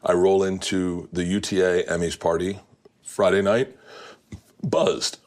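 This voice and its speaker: A man hosting a casual chat in his home kitchen, telling loud stories peppered with swearing and shouted impressions. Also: deep voice, flat delivery, normal speed. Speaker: host.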